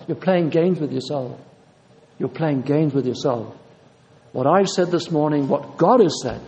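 Earnest preacher in a hall. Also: male voice, on the high side, warm tone, highs cut off. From Yorkshire, England. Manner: earnest, insistent, repeating phrases for emphasis. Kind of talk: sermon. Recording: long reverb of a large hall.

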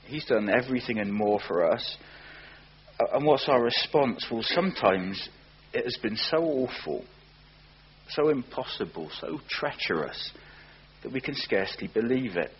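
A man preaching a sermon, earnest, often slowing down and repeating words for emphasis. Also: mid-range voice, expressive, husky. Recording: dull lo-fi recording with faint hum.

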